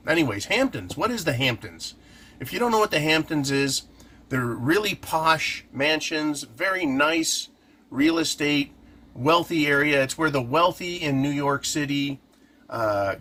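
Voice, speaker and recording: A man's voice: mid-range voice, a bit bright, a little hiss or hum. A man hosting a casual commentary, talking through his points by asking and answering his own questions. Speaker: host.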